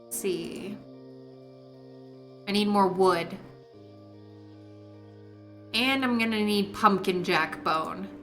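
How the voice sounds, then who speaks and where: A woman streaming a game live, relaxed and talking to herself as she plays. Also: mid-range voice, drawn-out words, pauses often, faint music behind.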